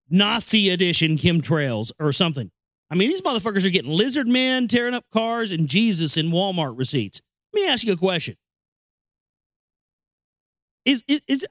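A man's voice: high-pitched, a bit bright, no room sound. A man hosting a show, reading out news stories and ranting about them in a profane, sarcastic, rambling way. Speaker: show host.

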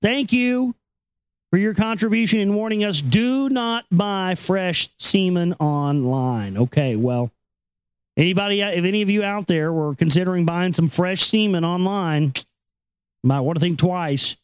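A man's voice: sits high, lively intonation, measured pace, clean tone, no room sound. A male talk show host who reads news items and rambles about them in a profane, casual way. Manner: profane, rambling, laughs often.

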